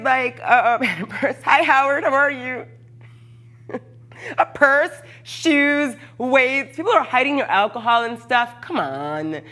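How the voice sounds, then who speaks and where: A woman's voice: high-pitched, a bit bright. A hyper, chatty woman who often laughs, talking casually with her live viewers from her workshop. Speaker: cosplayer streaming live. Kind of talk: casual livestream chat with viewers.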